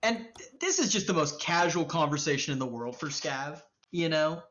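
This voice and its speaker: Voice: medium pitch, animated, normal speed, a bit bright, a little hiss or hum. A game master narrating a tabletop game in a loose, profane way with lots of filler, on dull lo-fi stream audio.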